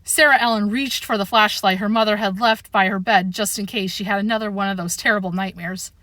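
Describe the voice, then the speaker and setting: A woman reading a children's chapter book aloud as narrator, in a steady read-aloud manner. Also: mid-range voice, a little fast, no room sound. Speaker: audiobook reader. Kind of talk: storybook narration.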